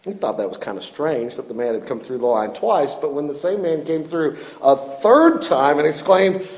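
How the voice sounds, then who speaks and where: Pastor in the pulpit: higher-pitched man, earnest and self-deprecating, long hall reverb. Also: animated, normal speed. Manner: earnest, self-deprecating, repeats words when stressing points. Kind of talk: sermon.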